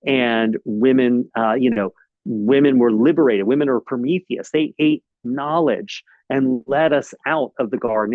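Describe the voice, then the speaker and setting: A man's voice: medium pitch, dry recording. Chatty man telling a story, dull dry sound. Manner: lively storyteller, frequent "um" and "uh". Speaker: author giving a library talk. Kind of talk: casual presentation. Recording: slightly dull, dry recording.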